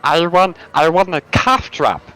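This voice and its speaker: A man's voice: fairly high pitch, expressive, a little slow, bright, forceful tone, soft background music, poor audio. A man doing a bubbly, childlike little companion. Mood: bubbly, eager. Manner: eager, bubbly, stumbling over words. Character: sweet, childlike male companion, cheerful and sugar-mad.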